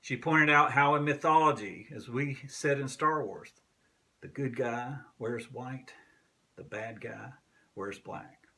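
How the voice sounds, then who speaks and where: Slow, bright-voiced man preaching. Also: medium pitch, in a large hall. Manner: slow, deliberate preaching that drops to a whisper at times. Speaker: pastor. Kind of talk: sermon. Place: church sanctuary.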